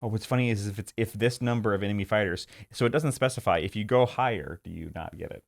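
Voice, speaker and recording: A man's voice: lowish voice, fast, gravelly. A man co-hosting a casual tabletop gaming talk, giving opinionated verdicts with jokes and frequent restarts. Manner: opinionated, joking, restarts mid-sentence. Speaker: co-host.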